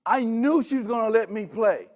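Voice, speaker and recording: A man's voice: very high voice, moderate pace. A man giving a motivational keynote, telling stories dramatically and acting out the dialogue. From Texas. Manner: dramatic, acts out dialogue, emphatic. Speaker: keynote speaker.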